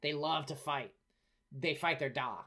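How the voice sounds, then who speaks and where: A woman with a deep, low voice co-hosts a podcast. She drops dry, deadpan wisecracks into a casual conversation. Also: measured pace, slightly rough. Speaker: podcast co-host. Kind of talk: casual chat.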